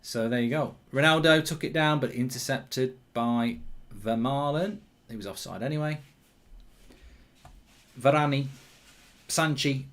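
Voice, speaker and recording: A man's voice: medium pitch, a little slow, pauses often, a bit bright. A man hosting a live football watchalong, chatting casually, reading out viewer comments, with frequent ums and restarts.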